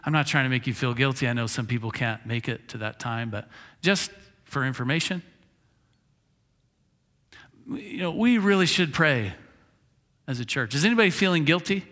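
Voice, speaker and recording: A man's voice: medium pitch, normal speed, pauses often, fairly bright tone. A male pastor telling a story in a sermon, casual and chuckling, acting out the lines of the people in his story. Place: church sanctuary. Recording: reverberant church hall.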